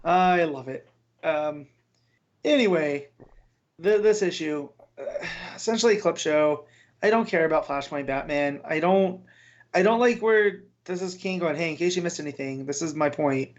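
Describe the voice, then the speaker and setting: A man co-hosts a comics podcast in a casual, blunt way and speaks his mind. His voice sits a bit high, and the recording sounds muffled and lo-fi. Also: lively intonation, normal speed. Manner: opinionated, blunt. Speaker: podcast co-host. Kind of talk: casual chat.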